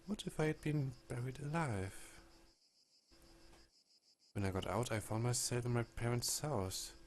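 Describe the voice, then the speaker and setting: A man voicing a composed Victorian woman who survived an ordeal and calmly recounts it in a game read aloud. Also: mid-range voice, slight background noise, lightly acted. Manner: proud, measured storytelling.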